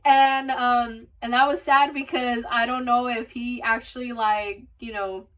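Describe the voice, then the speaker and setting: A woman chats her way through a personal story as a podcast host, rambling and filling gaps with "like" and "you know". Her voice sits a little high and sounds bright and sharp. She is recorded on a phone held some distance away, so she sounds a bit far off. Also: flat delivery, measured pace. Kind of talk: casual storytelling. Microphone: phone mic.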